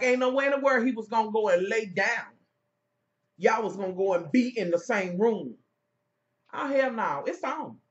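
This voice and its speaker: A woman giving heated, profane commentary as she reviews a reality TV episode, sassy and loud. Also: on the high side, highs cut off.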